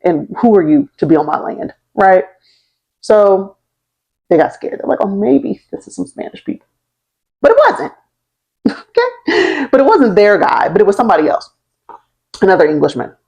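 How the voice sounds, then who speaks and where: A woman's voice: mid-range voice, huge pitch swings, moderate pace, pauses often, a little mellow, slightly rough, poor audio. A young woman telling a history story in a casual, slangy way, laughing along and checking in with her listeners. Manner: chatty and slangy, often checking in with "right?" and "okay?". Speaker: history vlogger.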